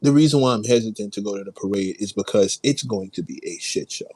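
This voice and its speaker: A man from New chats easily on a livestream, wandering from thought to thought and answering viewers by name. His voice sits low, and the sound is close and dry. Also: quick pace, mellow, no echo, low-quality recording. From New York. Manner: rambling, laid-back, reads and answers chat. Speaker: livestream host. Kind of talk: casual livestream chat.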